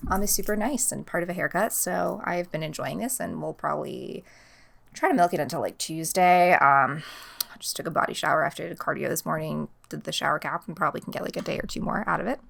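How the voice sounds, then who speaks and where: A young woman hosts her podcast in a loose, rambling chat, her voice sitting a little low with a gravelly fry. She fills her talk with fillers and trails off mid-thought. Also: fast talker, a bit bright. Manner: chatty, rambling, many fillers like "um" and "like". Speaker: podcast host. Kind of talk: casual chat. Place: home in Los Angeles.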